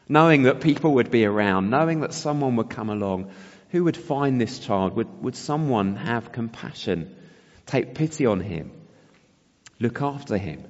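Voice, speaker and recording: A man's voice: medium pitch, lively intonation, moderate pace. A man preaching a sermon, reflective and often asking his listeners rhetorical questions. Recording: long hall reverb, dull sound.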